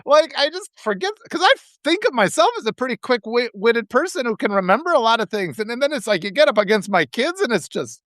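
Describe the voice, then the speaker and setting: A middle-aged man hosting a casual live stream, talking in a rambling, animated way with many restarts and laughs. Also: very high voice, a little fast, hardly any pauses, dry recording, studio quality. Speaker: author and live-stream host.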